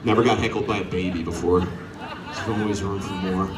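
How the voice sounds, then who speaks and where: A man's voice: sits low, fairly even intonation, fairly quick, reverberant, distant mic, background noise. A man doing a stand-up set outdoors, teasing the crowd and acting out characters. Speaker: stand-up comedian. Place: outdoor show on a front lawn. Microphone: corded handheld mic.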